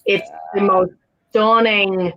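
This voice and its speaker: A woman's voice: medium pitch, fairly even intonation, takes it slowly, fairly bright tone. A woman with a Dublin Irish accent, a guest speaking directly in a casual video call chat. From north side of Dublin, Ireland. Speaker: guest, brand ambassador. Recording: dull lo-fi call audio.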